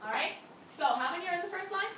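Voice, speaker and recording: Speaking at an extremely high pitch, this young teacher is animated and races through her classroom lesson. She keeps encouraging the students and peppering them with questions, captured from far off in a reverberant room with noise behind her.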